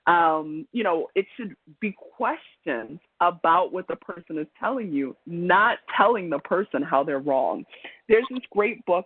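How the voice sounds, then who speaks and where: A man's voice: fairly high pitch, lively intonation, unhurried, husky, no room sound. A man presenting a webinar as a trainer, speaking in a chatty, conversational lecture style with frequent ums and restarts over a video call. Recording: tinny phone-like call audio.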